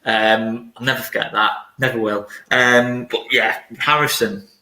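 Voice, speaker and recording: A man's voice: medium pitch, little pitch movement, a little slow, bright, forceful tone, echoey room. A man co-hosting a casual football chat, joking and laid-back, tired late at night. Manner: chatty, joking, laid-back with filler ums. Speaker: fan channel co-host.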